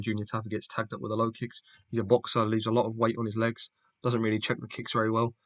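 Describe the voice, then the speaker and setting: A man's voice: medium pitch, a bit bright, no echo. A man recapping fights in a casual, blunt, opinionated way, swearing and mocking fighters. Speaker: MMA fan reviewer.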